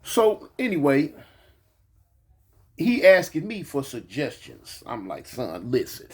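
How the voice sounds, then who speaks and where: Man, 40s, grandfather. Raised voice, animated storytelling, acts out every quote. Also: on the high side, slow pace, husky. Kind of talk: casual storytelling monologue.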